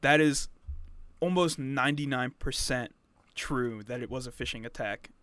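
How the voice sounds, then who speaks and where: A man's voice: medium pitch, moderate pace, fairly bright tone. A young man co-hosting a podcast, chatting in an easygoing way that trails off into fillers. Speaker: podcast co-host. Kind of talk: casual chat.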